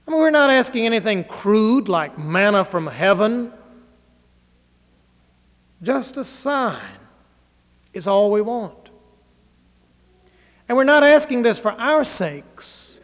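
Male pastor, sermon delivery, high-pitched, unhurried, dramatic loud-soft swings, long hall reverb. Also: very animated. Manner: dramatic, swings between loud declaiming and hushed low phrases.

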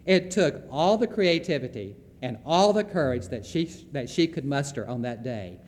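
A man's voice: mid-range voice, very animated, takes it slowly, long reverb tail, a little hiss or hum. Folksy Southern man lecturing. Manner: folksy storytelling, emphatic phrasing. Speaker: speaker on Christian leadership.

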